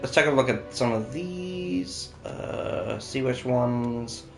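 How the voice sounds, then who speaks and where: A man's voice: medium pitch, animated, takes it slowly, gravelly. A man co-hosting a casual gaming session, chatting and thinking aloud with lots of fillers as he plays. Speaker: co-host playing the game. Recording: roomy echo with faint music.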